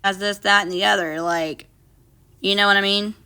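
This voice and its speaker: Casually livestreaming from her phone, a young woman reads viewer comments aloud and snaps back bluntly with lots of profanity. Her medium-pitched voice is sharp and clean, moving at normal speed with fairly even intonation.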